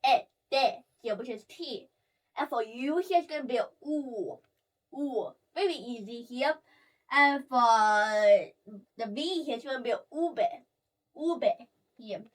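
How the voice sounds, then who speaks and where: A woman teaching letters and sounds while drawing them, repeating each sound slowly and ending phrases with a habitual "here". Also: sits high, a bit bright. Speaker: language teacher. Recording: voice slightly distant from the mic.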